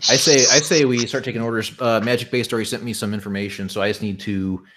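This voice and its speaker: A man's voice: on the low side, fairly even intonation, fast, fairly bright tone. A man in a casual group chat over a voice call, teasing and making crude jokes. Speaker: podcast panelist.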